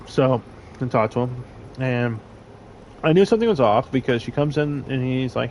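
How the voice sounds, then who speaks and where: A man's voice: mid-range voice, normal speed, slight background noise, rough recording. A young man telling a crude, rambling story in casual chat, trailing off with fillers. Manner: rambling, crude, loud laughing bursts.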